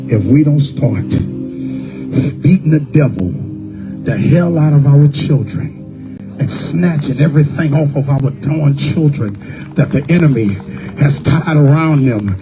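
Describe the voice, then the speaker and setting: Impassioned high-voiced man preaching over music. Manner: impassioned, swings from low murmurs to shouted pleas. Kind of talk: fiery street sermon. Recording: music bed behind the voice.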